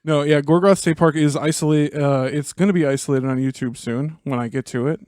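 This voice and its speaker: A man, a podcast host and writer, in casual chat, animated, swearing and laughing a lot. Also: fairly high pitch, a little fast, smooth, no echo, studio quality.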